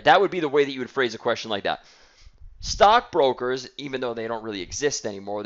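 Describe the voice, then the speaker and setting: A man's voice: medium pitch, dull audio. A man giving a blunt sales training talk, acting out calls and mocking timid salespeople.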